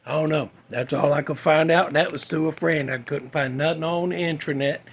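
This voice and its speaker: A man's voice: fairly high pitch, fairly even intonation, fairly quick, a little hiss or hum. A male podcast host telling a story in a casual, folksy, rambling way, cussing freely.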